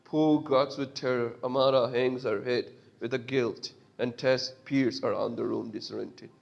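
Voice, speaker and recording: A man's voice: mid-range voice, fairly even intonation, measured pace, gravelly, muffled recording. Man reading game narration over music. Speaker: player narrating.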